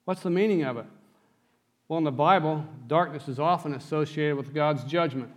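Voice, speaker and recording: A man's voice: a little high, normal speed. A man preaching a sermon, explaining scripture and reading passages aloud to his congregation. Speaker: pastor.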